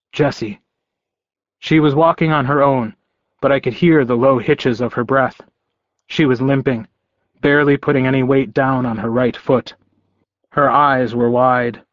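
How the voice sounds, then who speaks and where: A man narrating a story in first person with a measured, calm delivery. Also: mid-range voice, no echo, highs cut off. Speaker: audiobook narrator.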